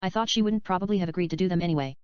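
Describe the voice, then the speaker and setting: A woman reading the part of a chatty, dreamy male screenwriter in a plain, even voice. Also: lowish voice, rapid-fire, clear, resonant tone, no echo, close to an everyday voice. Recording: dull, slightly lo-fi dry recording.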